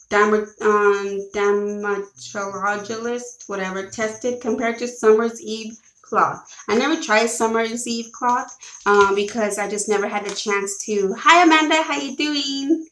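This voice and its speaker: A woman's voice: medium pitch, a bit bright, echoey room, poor audio. A woman with children chatting casually to live viewers as she shows off a shopping haul, rambling and correcting herself as she goes. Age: adult with children. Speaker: vlogger showing a shopping haul.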